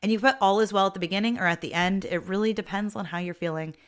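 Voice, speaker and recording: A woman's voice: mid-range voice, fast talker. A middle-aged woman hosting her own podcast, talking casually and expressively about her life as a mother. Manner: chatty and expressive, with frequent "like" and an occasional laugh. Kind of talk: casual personal monologue.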